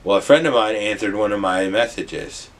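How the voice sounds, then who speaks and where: A young man from the US Midwest, telling a rambling, animated storytime with some swearing. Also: fairly low pitch, moderate pace. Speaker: vlogger. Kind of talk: casual storytime.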